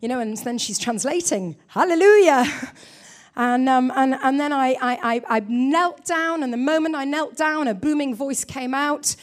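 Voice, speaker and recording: A very high-voiced woman preacher moves through her sermon at normal speed, barely pausing. Animated and emphatic, she dramatizes her own quoted thoughts and often throws questions to the congregation.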